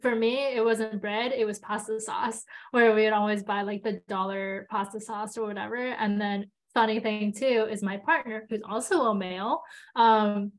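A woman's voice: medium pitch, steady tone, moderate pace, few pauses. Relatable woman podcast co-host. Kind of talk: casual chat.

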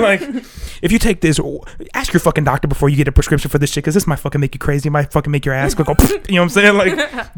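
This young man sounds sick as he co-hosts a podcast, his voice fairly high and bright. He rambles through casual, profane conversation and laughs often.

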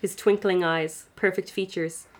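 A woman's voice: fairly low pitch, fairly even intonation, measured pace. Giggly young woman reading aloud. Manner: giggly, self-mocking, laughing through the reading. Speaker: podcast co-host reading her old fan fiction aloud. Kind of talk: reading aloud with comic asides.

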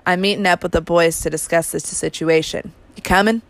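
A woman reading the lines of a furious, bigoted man with a gravelly, ash-rough voice and a contemptuous, spitting manner. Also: on the low side, steady tone, a little fast, no echo, lightly acted. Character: bigoted, furious white man, scheming and menacing.

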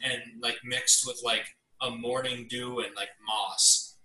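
Bright-voiced man, roomy and distant. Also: mid-range voice, steady tone, slow pace. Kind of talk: casual chat. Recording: roomy, distant mic, faint noise.

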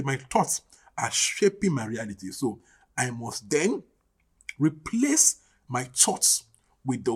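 Male pastor preaching, husky tone, swinging animated delivery, hammering repeated phrases. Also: fairly high pitch. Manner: emphatic, repetitive preaching with call-and-response questions. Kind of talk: sermon.

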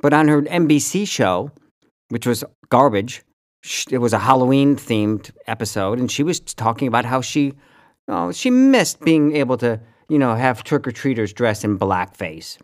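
A man's voice: mid-range voice, very animated, normal speed. A man co-hosting a casual podcast who rants sarcastically and swears freely. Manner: profane, sarcastic ranting. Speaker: podcast co-host. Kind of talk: casual chat.

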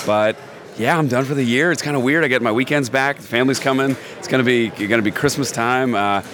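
A man's voice: medium pitch, fast, a bit bright. A man in his thirties, a wrestling broadcaster, chatting cheerfully and earnestly with easy laughs. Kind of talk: casual chat.

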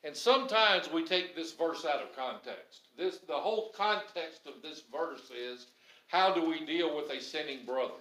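A man's voice: fairly high pitch, lively intonation, moderate pace, a bit bright. A man preaching a sermon to his congregation, building to emphatic bursts. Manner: preaching with rising, emphatic bursts and Southern phrasing. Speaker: pastor. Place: church. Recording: echoey church sanctuary.

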